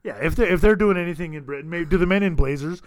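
A man's voice: on the high side, very fast. A man hosting a casual podcast, rambling and laughing as he talks. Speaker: podcast host. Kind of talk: casual chat.

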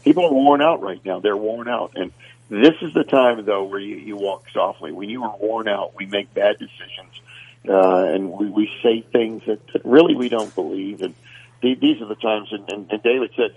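A man's voice: lowish voice, normal speed, a little mellow, slightly rough. A man co-hosting a faith radio talk show, speaking conversationally and often repeating words as he thinks aloud. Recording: tinny phone-line sound.

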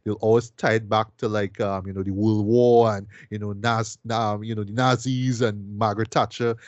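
A man's voice: lowish voice, flat delivery, moderate pace, no room sound, highs cut off. A man casually reviewing a film, rambling with repeated words and fillers and tacking "boy" and "right?" onto his sentences. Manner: peppers speech with "boy" and "right?". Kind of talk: casual podcast chat.

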